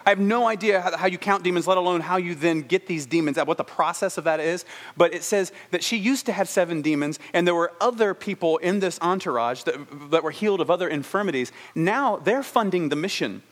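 A man preaching a sermon, telling stories with animated delivery and acting out the characters' lines, then slowing to a soft, reflective tone for his main points. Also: high-pitched.

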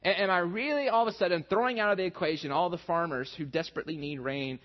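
A man in his thirties preaching a sermon in a conversational, self-deprecating storytelling manner. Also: medium pitch. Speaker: pastor. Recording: muffled lo-fi sound.

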